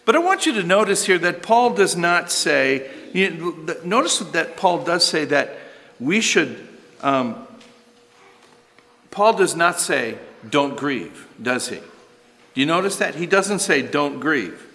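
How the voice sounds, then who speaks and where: Slow, bright-voiced preacher in echoing hall. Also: male voice, fairly high pitch, very animated. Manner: earnest preaching with rhetorical questions and emphatic repetition. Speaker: pastor. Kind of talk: sermon.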